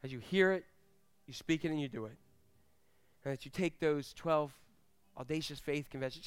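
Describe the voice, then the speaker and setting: A man's voice: on the high side, fairly bright tone, smooth. A male pastor preaching a sermon at a church service, telling stories animatedly and acting out the voices of the people he quotes.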